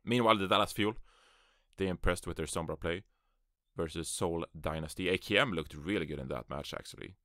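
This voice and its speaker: A man's voice: deep voice, fairly quick, a bit bright, no room sound, clean studio sound. A man hosting his first solo esports podcast from a closet on a USB microphone, rambling and offhand, with self-deprecating asides. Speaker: podcast host. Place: small closet.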